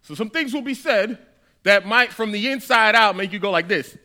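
A man's voice: high-pitched, normal speed, pushed and bright. A man preaching a conversational, playful sermon to a church gathering. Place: church hall.

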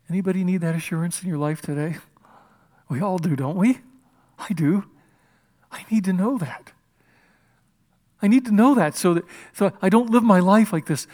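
Impassioned male preacher, rather high voice. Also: normal speed, long pauses. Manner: impassioned, swings from loud emphasis to hushed whispers. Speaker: pastor. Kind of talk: sermon. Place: church.

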